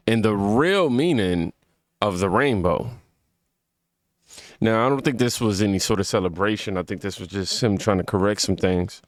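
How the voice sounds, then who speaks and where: A man's voice: low voice, no echo, studio quality. A man hosting a casual reaction commentary, reading aloud and then talking loosely with viewers. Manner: reads scripture aloud, then talks loosely and informally. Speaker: commentary video host.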